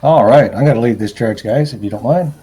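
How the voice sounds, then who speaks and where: A man playing his character in a tabletop game, speaking smoothly and persuasively. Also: mid-range voice, a little fast, dark tone, faint music behind. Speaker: player.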